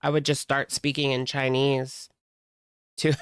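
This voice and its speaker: A woman's voice: extremely low pitch, level tone, a little slow, clear, resonant tone, no room sound. A woman hosting casual reaction commentary, chatty and sarcastic, leaning on "like" as she talks close to the mic at home. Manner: sarcastic, chatty, heavy use of "like". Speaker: commentary host.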